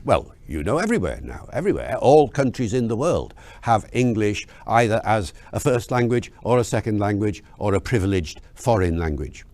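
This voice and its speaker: A man explaining language change in an interview, telling lively anecdotes and asking rhetorical questions. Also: on the low side, no echo. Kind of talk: explanatory storytelling.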